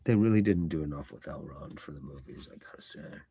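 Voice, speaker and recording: A man reading a fantasy novel aloud, stopping for relaxed, conversational, self-deprecating asides. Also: rumbling low, fairly quick, vocal fry, husky. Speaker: audiobook reader.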